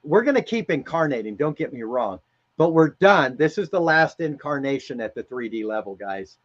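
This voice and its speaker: A man's voice: medium pitch, very animated, normal speed. Emphatic man on a lo-fi stream. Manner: emphatic, rambling, repeats words. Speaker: guest speaker on a spiritual live stream. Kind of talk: casual spiritual talk.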